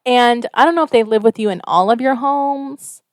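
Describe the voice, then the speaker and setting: A woman's voice: on the high side, normal speed, dry recording, clean studio sound. A woman co-hosting a casual podcast, reading out a listener's story and chatting, swearing freely. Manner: casual, swears freely, reads stories in a steady flat telling.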